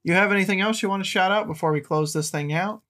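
Casting note: male podcast host, a bit higher-pitched than average, blunt and rambling movie talk. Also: fast talker, sharp tone. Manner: rambling, blunt, restarts often. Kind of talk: casual movie chat.

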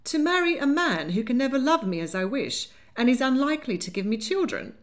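A woman voicing a spirited young lady who answers in a crisp, indignant way. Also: sits high, sing-song, a little fast, pitched above the performer's own voice. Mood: defiant.

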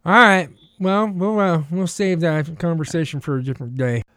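A high-pitched man hosts a loose, chatty show, stumbling through fillers and laughing a lot. His voice sits well above the usual male range, and faint music plays behind him. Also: fairly even intonation, normal speed. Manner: laughing, rambling with many fillers. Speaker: podcast co-host. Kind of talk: casual chat.

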